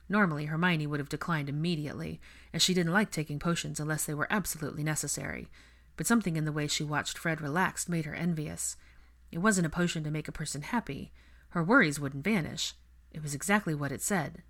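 Woman reading fanfic aloud, steady and measured, low voice. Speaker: fan fiction reader. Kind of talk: storybook narration.

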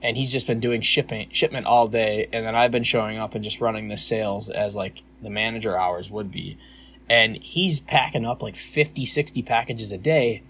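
A man's voice: lowish voice, steady tone, normal speed, a bit bright, a little hiss or hum. A young man co-hosting a podcast, venting in a rambling casual chat full of fillers and frequent swearing. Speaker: podcast co-host.

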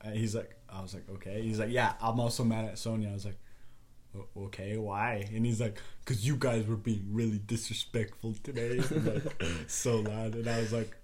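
A man's voice: on the low side, steady tone, normal speed, noisy background. A young man co-hosting a casual podcast, rambling through stories and acting out what people said, often laughing. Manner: rambling storyteller, acts out quotes, laughs often. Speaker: podcast co-host. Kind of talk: casual chat among friends.

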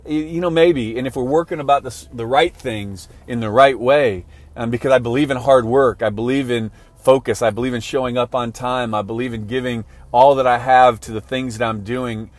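A man giving a motivational talk in a conversational way, often checking in with "right?" and restarting his phrases. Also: medium pitch. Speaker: motivational speaker.

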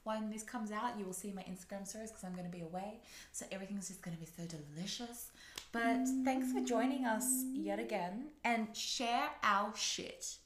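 A woman's voice: mid-range voice, normal speed. A woman co-hosting a podcast in casual chat, bubbly and swearing freely. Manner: bubbly, swears freely, bursts into loud laughs. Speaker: podcast co-host. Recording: roomy echo.

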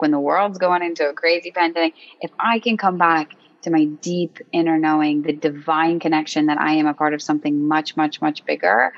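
An emphatic woman hosting a casual podcast chat, earnest and free with swear words. Her voice sits a little low, and the recording is dry and somewhat muffled. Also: dry recording. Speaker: podcast host.

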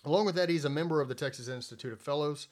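A male podcast host with a slightly high voice talks in a loose, joking way. He is chatty and relaxed and sometimes trips over his words while introducing a guest. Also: very fast. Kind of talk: casual podcast chat.

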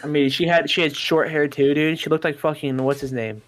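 A man's voice: on the high side, fairly quick. A young man telling a rambling, profane story in casual chat.

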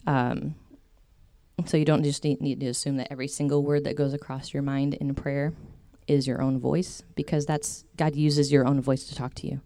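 Low-voiced woman giving a chatty faith talk. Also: level tone, moderate pace, warm tone, no echo. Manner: chatty, many fillers and tangents. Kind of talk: casual faith talk to a group.

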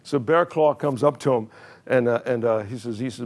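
A man's voice: medium pitch, moderate pace. An older man preaching a sermon in a church, telling a story with chuckles and many repeated words. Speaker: pastor.

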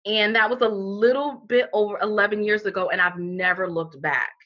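A woman's voice: mid-range voice, moderate pace. A middle-aged woman, an interview guest who founded a healing center, telling her personal story candidly and emphatically, with many "you know" fillers. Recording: dull lo-fi recording.

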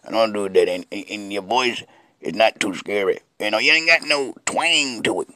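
Brief: a man playing a hot-headed mocker, sharp and swooping, dry close sound. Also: on the low side, moderate pace, no room sound. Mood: mocking. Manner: mocking, ranting. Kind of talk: comedy sketch.

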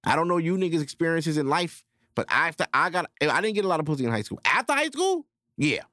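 Young guy on a podcast mic, lively up and down voice, dry close sound, crude storytelling. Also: fast, no room sound. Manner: crude storytelling, acting out quotes in a high voice. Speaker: podcast host. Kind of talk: casual podcast chat.

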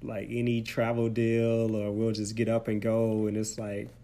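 A man from Arkansas co-hosting a podcast in casual chat, talking in a laid-back, measured way that often trails off. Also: lowish voice, completely flat delivery, dark tone. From Forest City, Arkansas. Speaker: podcast co-host. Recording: faint background noise.

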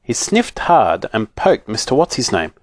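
Expressive man reading a children's story. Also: on the low side, measured pace, no echo, clean studio sound. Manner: expressive and animated.

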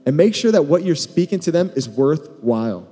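A man with a fairly high voice gives a joking, teasing conference talk and speaks straight to the crowd. His voice rings in a large hall with long reverb. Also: very animated, moderate pace, dark tone. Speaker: podcast co-host speaking at a marriage conference.

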